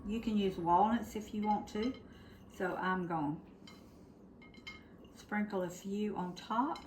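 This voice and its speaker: A woman's voice: medium pitch, a little slow, a little mellow, slight background noise. An older woman, hosting a casual home cooking demo in her kitchen and chatting straight to her viewers. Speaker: cooking show host.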